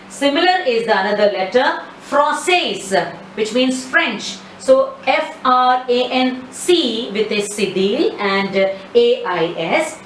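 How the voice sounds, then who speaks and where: A woman teaching a slide-based French lesson, speaking slowly and patiently and repeating each word for practice. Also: fairly high pitch. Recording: echoey room, mic at a distance, faint ambient noise.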